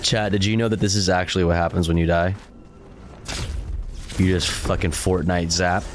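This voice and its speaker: A man's voice: sits low, level tone, normal speed, background noise. A young man streaming a video game, chatting casually with his viewers, playful and jokey and swearing often. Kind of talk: casual gameplay commentary.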